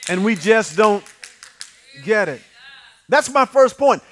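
A man's voice: high-pitched, animated, slow, a bit bright. A middle-aged man preaching a folksy sermon, calling out to the congregation and acting out the voices he quotes. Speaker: pastor.

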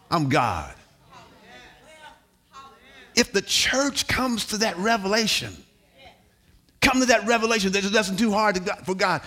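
A man preaching a sermon as pastor in a church, building to shouts, repeating words and calling on the congregation to respond. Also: high voice. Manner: repeats words, sings some lines. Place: church hall.

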